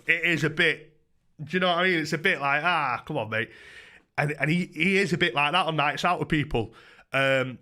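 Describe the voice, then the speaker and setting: A young man tells a rambling story to his livestream chat. His voice is bright and forceful, and he swears casually as he goes. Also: medium pitch.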